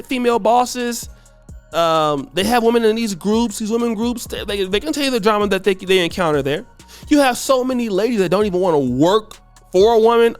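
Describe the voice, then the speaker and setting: A man hosting an opinion commentary, talking emphatically and repeating himself as he builds his points. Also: high-pitched. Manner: emphatic, repetitive, conversational. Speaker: commentary channel host.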